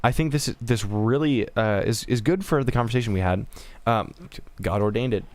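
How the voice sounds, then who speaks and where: A man in a casual group chat, speaking haltingly with many fillers. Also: mid-range voice, darkish tone, no room sound. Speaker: guest.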